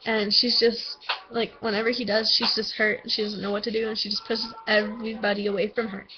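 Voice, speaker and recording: A woman's voice: mid-range voice, level tone, a little fast. A teenage girl gives a book report for school, talking hesitantly with lots of ums and likes. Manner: hesitant, filler-heavy, with many ums and likes. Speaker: student. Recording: dull lo-fi recording with music behind.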